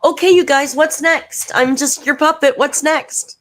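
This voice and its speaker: A woman's voice: high voice, fairly even intonation, a little slow, fairly bright tone, pitched above the performer's own voice. A woman doing a mocking impression of a self-absorbed woman streamer, with a gushing, sing-song voice.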